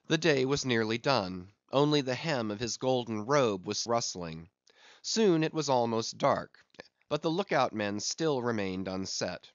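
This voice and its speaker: A man reads a classic novel aloud in a slow, measured audiobook narration, with a mid-range voice. The sound is close and dry, slightly dull in the highs. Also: expressive, no room sound. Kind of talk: scripted narration.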